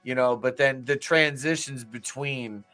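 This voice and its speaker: A man's voice: mid-range voice, fairly even intonation, a little slow, bright, forceful tone, soft background music. A man co-hosting a movie-review podcast, chatting casually with loose, profane jokes. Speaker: podcast co-host.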